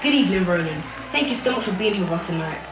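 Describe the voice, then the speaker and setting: An actress playing a talk show host in a stage play, with a bright announcer delivery. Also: female voice, on the low side, animated, very fast, distant mic, a crowd in the background, lightly acted. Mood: upbeat. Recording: echoey room with faint music.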